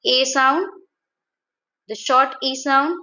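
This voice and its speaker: A woman gives a language lesson in a slightly high voice. She explains step by step, poses rhetorical questions, and corrects her own slips along the way. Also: slow, pushed and bright, highs cut off. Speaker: language teacher.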